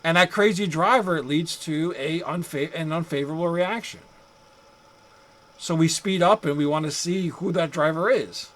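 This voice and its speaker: With a voice on the high side and a fairly bright tone, a man speaks at a moderate pace in a recorded classroom psychology lecture. His style is loose and conversational, full of rhetorical asides and acted-out angry drivers. The recording is low quality.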